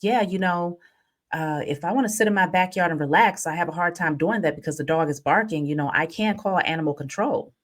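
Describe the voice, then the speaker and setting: A woman putting on a fed-up neighbor lady who complains in a high, exasperated voice and sounds a little distant from the mic. The tone is put-upon and petulant. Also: brisk, close to an everyday voice. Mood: complaining.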